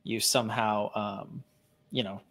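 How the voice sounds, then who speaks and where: A man's voice: on the low side, steady tone, fairly bright tone. A man co-hosting a live online lesson in casual chat, acting out quoted reactions. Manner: fast, chatty, acts out quoted reactions. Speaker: co-host.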